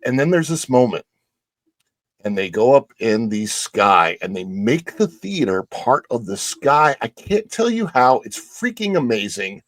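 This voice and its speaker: A man co-hosting a talk show shares a story with animated enthusiasm, often laughing, and his pitch leaps upward as his excitement grows. His voice is mid-range for a man, and the recording is close and dry. He talks casually, with fillers and restarts throughout. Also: measured pace, no echo. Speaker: co-host.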